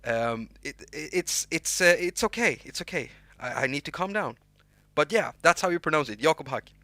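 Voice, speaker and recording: A man's voice: on the high side, animated, normal speed, sharp tone, no echo. Swedish man chatting on a livestream. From Sweden. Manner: rambling, restarts words, reads chat names aloud. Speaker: livestream host and music producer. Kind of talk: unscripted livestream chat.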